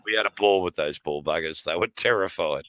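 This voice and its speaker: Bright-voiced Australian man spinning yarns. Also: sits low, a little fast, dry recording, lo-fi sound. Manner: laughing, yarn-spinning, swears freely. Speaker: podcast regular. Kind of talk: casual chat.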